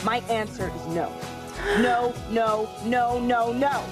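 A woman's voice: a little high, takes it slowly, music in the background. A flustered teenage girl. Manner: rattled, repetitive refusals.

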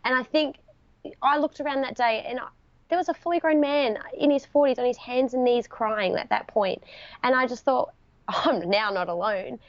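A woman's voice: sits high, moderate pace, no echo. Woman guest, heartfelt and teary in places, dull dry sound. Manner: heartfelt, tearful at moments, talks through laughs. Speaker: podcast guest. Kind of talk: emotional storytelling interview.

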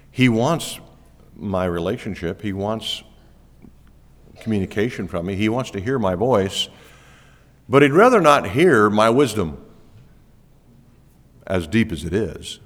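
A man preaching a sermon as pastor, lively and animated, laughing now and then. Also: lowish voice, takes it slowly, pauses often. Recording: long reverb of a church hall.

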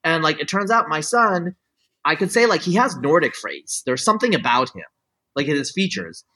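A middle-aged man talks casually in a fairly high, sing-song voice at a moderate pace, sharp-toned and husky, on poor audio. He explains his opinions at length, looping back and restarting with lots of "like" and "you know."

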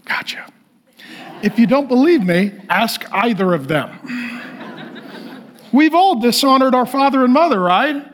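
A pastor delivering a humorous sermon, telling stories in an animated way and often laughing as he talks. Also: very high-pitched, a little slow, long pauses, slight background noise.

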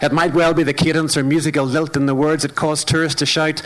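A man's voice: on the high side, little pitch movement, fast, background noise. A man with a Northern Irish accent performing spoken word poetry live at a club, with a rhythmic, wry, self-deprecating delivery. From Northern Ireland. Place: live music club venue.

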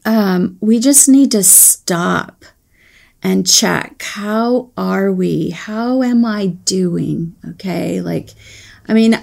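A woman speaks slowly and earnestly in a reflective devotional talk, her voice carrying a gravelly, fry-tinged edge. She pauses often and searches for her words with soft fillers, unhurried throughout. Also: mid-range voice.

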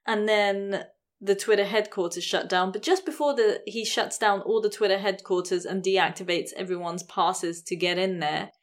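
A woman's voice: mid-range voice, moderate pace. A woman hosting a podcast, telling a story in a casual chatty way with frequent laughs and hedges. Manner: chatty, laughs often, many hedges like "sort of". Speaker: podcast host.

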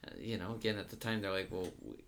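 A man in casual podcast chat about a film, agreeing often and explaining scenes in quick bursts. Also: fairly low pitch, fairly even intonation, fairly bright tone. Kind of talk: casual movie discussion.

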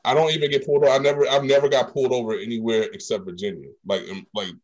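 A young man telling a story in casual chat, animated and slangy, acting out the lines of the people in it. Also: medium pitch, racing.

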